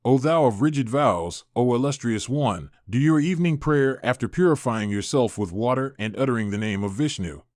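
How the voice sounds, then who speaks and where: Devoted wife pleading, read by a man, formal and soft, dry sound, mid pitch. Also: lively intonation, moderate pace, few pauses, no room sound, close to an everyday voice. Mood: gentle. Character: devoted serpent-born wife, fearful and pleading.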